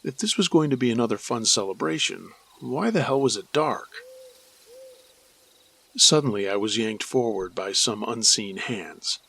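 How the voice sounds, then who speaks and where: A man narrating a true scary story in the first person, his reading measured and steady. His voice is gravelly with a worn, husky edge at a middling pitch. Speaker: storyteller and host.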